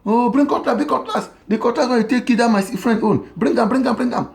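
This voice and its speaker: A panicked young wife shrieks in a high, strained Nigerian Pidgin voice, as a male storyteller puts her on. She cries in shrill, pleading bursts, pitched far above his own speaking voice. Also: fast, creaky, slight background noise. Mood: urgent. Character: frantic screaming young wife.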